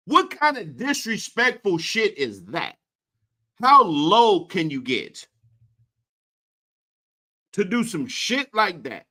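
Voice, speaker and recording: Crude, animated man doing commentary. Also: sits high, slow pace, long pauses. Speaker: host. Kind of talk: reaction commentary.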